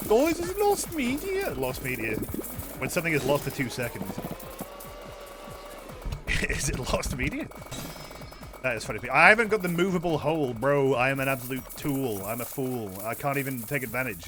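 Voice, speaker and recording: A man's voice: mid-range voice, moderate pace, long pauses, music in the background. A man streaming a game and chatting casually, rambling, sarcastic and swearing a lot. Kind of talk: casual gaming stream chat.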